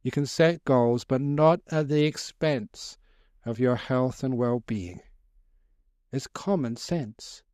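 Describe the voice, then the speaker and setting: Monk guy giving a funny dharma talk, chatty and chuckling, smooth clear voice, dry close sound. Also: mid-range voice, takes it slowly, darkish tone, no echo. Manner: jokey, chuckling, conversational. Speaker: Buddhist monk and teacher. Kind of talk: humorous storytelling dharma talk. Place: talk to a live audience.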